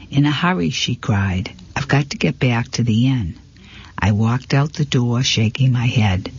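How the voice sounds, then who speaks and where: A man narrating a first-person mystery novel in a steady reading voice, sometimes stumbling and correcting himself. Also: mid-range voice, breathy edge, dull audio. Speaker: audiobook reader.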